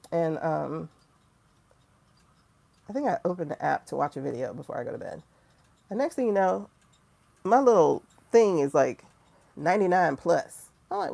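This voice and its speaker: A woman who hosts a tarot livestream shares a story, chatting candidly and quoting both herself and others while dropping profanity. Her voice is lowish, gravelly, and mellow.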